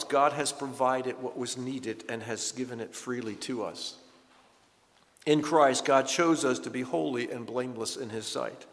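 A man preaching a sermon in an earnest, emphatic way, slowing down to stress key words. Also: a little high, a bit bright, big-room sound. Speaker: pastor.

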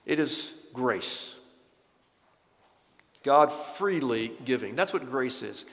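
A man preaching a sermon in an earnest, emphatic way, slowing down to stress key words. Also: medium pitch, animated, a bit bright, long reverb tail. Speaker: pastor.

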